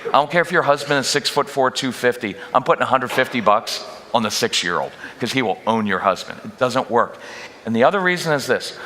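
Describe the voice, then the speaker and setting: A man giving a lively parenting workshop to a church audience, joking and acting out what parents and kids say. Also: mid-range voice, a little hiss or hum. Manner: energetic, jokey, acts out quoted parents and kids. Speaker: guest parenting speaker. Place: church auditorium. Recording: long reverb of a large church hall.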